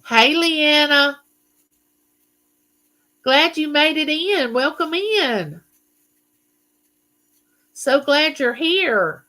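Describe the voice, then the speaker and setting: Bright-voiced woman hosting live chat. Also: high voice, animated, drawn-out words, pauses often. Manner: chatty, reads viewer comments aloud. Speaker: livestream host.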